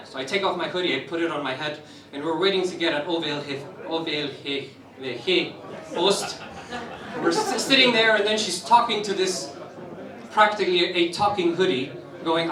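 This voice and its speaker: A young man from Romania telling a personal story at an open mic, animated and laughing through the funny parts. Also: high voice, normal speed, crowd noise. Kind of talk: spoken-word storytelling. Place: live stage in a roomy venue. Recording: echoey room, voice from some distance.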